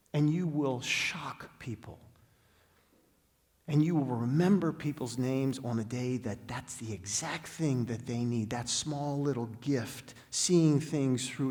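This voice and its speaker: A middle-aged man giving an inspirational talk as a guest speaker, telling stories with dramatic pauses and slowing down for emphasis. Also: mid-range voice, a little mellow. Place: large spiritual center hall. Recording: long hall reverb.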